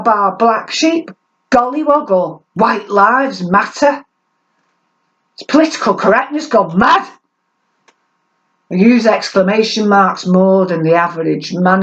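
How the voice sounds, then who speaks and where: Woman poet, sardonic spoken-word delivery, unhurried, dull lo-fi recording. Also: a little high. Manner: sardonic, animated delivery with laughs. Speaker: performance poet. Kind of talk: spoken word poetry performance.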